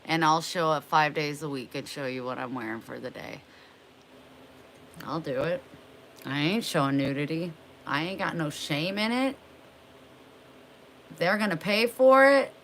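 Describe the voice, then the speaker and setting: A woman's voice: low-pitched, normal speed, a bit bright, a little hiss or hum, poor audio. A young woman chatting casually on a livestream, drawling and greeting viewers by name. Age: young adult.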